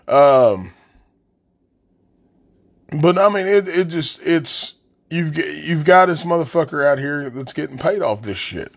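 A man from the West Virginia coal fields with an Appalachian accent, hosting a podcast as a blunt, angry, heavily profane solo rant. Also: a little high. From southern West Virginia coal fields. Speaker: podcast host.

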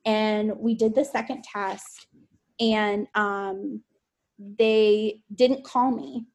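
A young woman talks as a guest on an interview podcast. Her soft-spoken delivery halts often and leans on many fillers. She sits in her middle register. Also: medium pitch, steady tone, very slow. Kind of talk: emotional personal interview.

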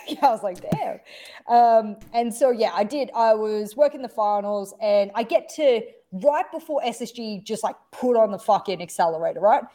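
Animated woman telling a story. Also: fairly high pitch, moderate pace, few pauses. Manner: animated, swears freely, acts out quotes. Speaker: esports broadcaster. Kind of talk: casual storytelling chat.

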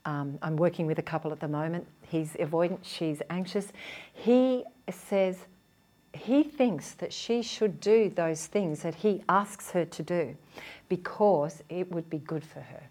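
Her voice fairly low and her pace relaxed, this relationship therapist addresses an audience in a casual, lively way, playing out exchanges between partners and frequently laughing.

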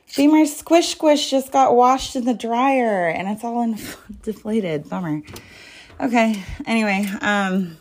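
A woman's voice: a little high, slow, a little hiss or hum. Young woman, casual storytime, swears constantly, exasperated, at home. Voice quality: profane, loud and exasperated. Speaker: vlogger telling a story. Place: at home, moving around looking for things.

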